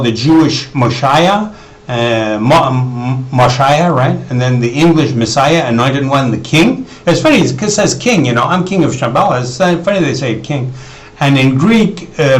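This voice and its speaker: A man's voice: medium pitch, poor audio. A man talking in a rambling video monologue, with many restarts and repetitions. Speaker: video blogger. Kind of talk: unscripted monologue to camera.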